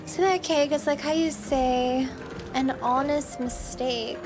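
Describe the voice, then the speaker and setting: A woman's voice: high voice, steady tone, a little slow. A woman streamer chatting casually as she plays, musing aloud and second-guessing herself. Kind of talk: casual game commentary. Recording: game music playing underneath.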